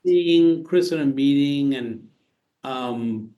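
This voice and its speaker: A man as a podcast guest, telling stories casually, halting and restarting often, with animated retellings. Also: mid-range voice, muffled recording. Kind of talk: casual storytelling conversation.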